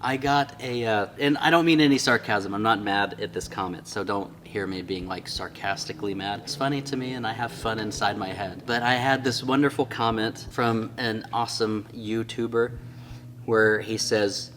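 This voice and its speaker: A man talking casually and with enthusiasm in a product review vlog, often amused and slowly sounding out tricky words. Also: lowish voice, a bit bright, slight background noise. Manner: enthusiastic and chatty, often amused by his own slips. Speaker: Bible binding reviewer.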